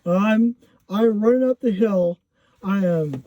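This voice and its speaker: A man's voice: high-pitched, a little slow, dark tone, no echo. A man casually telling a personal story, rambling with lots of fillers and self-corrections. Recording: dull lo-fi recording.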